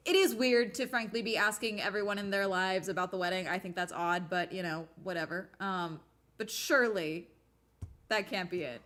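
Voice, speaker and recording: A young woman in a casual streaming chat who reads news snippets aloud and muses over them. She thinks out loud, trails off into filler sounds and keeps an easy conversational tone. Her voice sits in an ordinary middle pitch. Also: fairly even intonation, moderate pace. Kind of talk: casual commentary while reading articles aloud.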